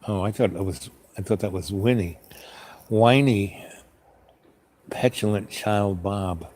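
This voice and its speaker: A man's voice: lowish voice, darkish tone, breathy edge. A man hosting his own show, talking in a loose, meandering monologue and often asking himself questions. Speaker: host. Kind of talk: rambling casual monologue.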